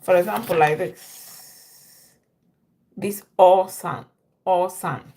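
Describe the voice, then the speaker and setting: A woman teaching a live-stream language lesson, repeating each phrase slowly for learners. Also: on the low side, steady tone, warm tone.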